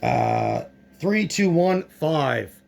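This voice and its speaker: Slow-talking man with a gravelly voice. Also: fairly high pitch, huge pitch swings, background noise. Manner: thinking aloud, muttering reactions to dice rolls. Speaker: board game player. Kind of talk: casual play-through narration.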